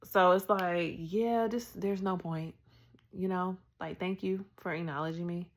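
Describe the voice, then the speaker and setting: A woman with a low, gravelly voice tells her own story in an open, animated way. She slips into the people she quotes as she goes. It feels like relaxed personal storytelling. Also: a little slow. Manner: candid, animated retelling with acted quotes. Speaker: podcast host.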